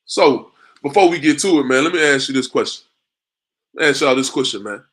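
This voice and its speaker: Here the teacher has a medium-pitched, fairly bright voice, expressive and brisk. He lectures a street-preaching class like a sermon, peppering listeners with rhetorical questions, addressing them as "man" again and again, and chuckling frequently.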